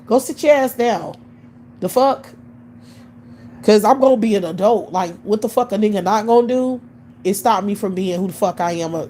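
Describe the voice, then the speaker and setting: A woman's voice: medium pitch, darkish tone, a little hiss or hum, poor audio. A woman in her late thirties ranting bluntly on a live stream, scornful and swearing constantly. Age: 30s. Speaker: livestream host. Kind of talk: profane live-stream rant.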